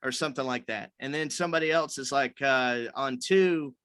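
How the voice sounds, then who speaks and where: Bright, rambling man leading a meeting. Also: mid-range voice, fairly even intonation, quick pace, clear, resonant tone, dry recording. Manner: loose, rambling, many fillers and restarts. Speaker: host leading a writers' meeting. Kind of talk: casual explanation on a video call.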